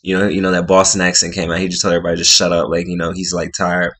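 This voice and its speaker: A man's voice: low voice, completely flat delivery, rapid-fire, a bit bright, slightly rough. A man casually recapping a reality show episode in a rambling way, full of filler words. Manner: rambling, full of "like" and "you know".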